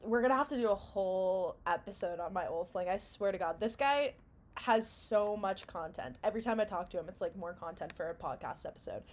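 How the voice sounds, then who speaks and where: A young woman co-hosting a podcast, telling a story in a casual, animated way and laughing often. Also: mid-range voice, brisk. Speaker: podcast co-host.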